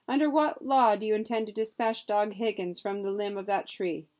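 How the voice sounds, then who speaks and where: A dignified gentleman butler who argues like a lawyer, formal and measured in his phrasing. A woman reads him aloud from a storybook. His voice stays at a middling pitch. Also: fairly even intonation, lightly acted. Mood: orating. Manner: formal, persuasive oratory. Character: proper, dignified English butler turned gold seeker, eloquent.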